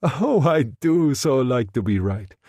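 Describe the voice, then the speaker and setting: A man's voice: mid-range voice, big pitch swings, takes it slowly, dark tone, dry recording, studio quality, heavily acted. A man voicing a bold, charming Italian man in the water, jaunty and teasing in manner.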